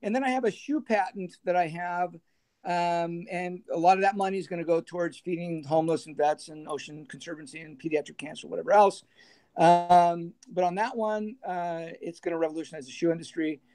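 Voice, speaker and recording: A middle-aged man, a former band manager, telling lively anecdotes in a casual interview and laughing as he goes. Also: on the high side, a little fast. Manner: animated anecdotes, laughing, acting out others' voices.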